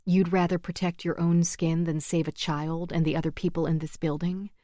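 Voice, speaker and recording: A woman's voice: lowish voice, little pitch movement, moderate pace, warm tone, no echo, clean studio sound, natural voice. A woman reading the part of a desperate female radio host and mother, speaking in an intense, cutting way.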